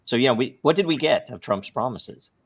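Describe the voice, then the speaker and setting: A man's voice: mid-range voice, lively intonation, normal speed, slightly rough. A man in a casual podcast discussion who states his opinions bluntly and with certainty. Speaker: podcast panelist.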